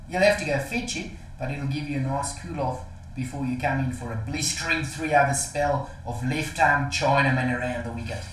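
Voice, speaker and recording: A man's voice: mid-range voice, a bit bright, roomy sound, a little hiss or hum, poor audio. A man co-hosting a casual sport podcast, jokey and laughing often. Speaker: podcast co-host.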